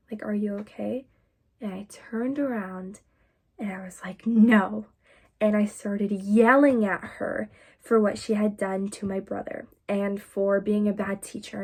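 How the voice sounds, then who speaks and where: A woman's voice: mid-range voice, darkish tone. A young woman vlogger telling a personal story in a candid, confessional way, full of casual fillers.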